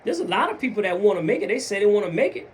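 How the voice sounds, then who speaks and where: A Southern man with a high, lively voice talks straight to his viewers in a casual motivational monologue. He swoops up and down in pitch and slips into mumbled voices to act out other people's excuses. A faint room hum sits behind him. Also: very fast. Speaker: vlogger.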